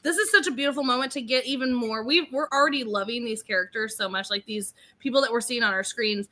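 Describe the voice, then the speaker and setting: A chatty podcast co-host, a woman with a high voice and a sharp, very bright tone. She talks in a gushing, animated way and laughs often while she chats. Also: fast talker. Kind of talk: casual chat.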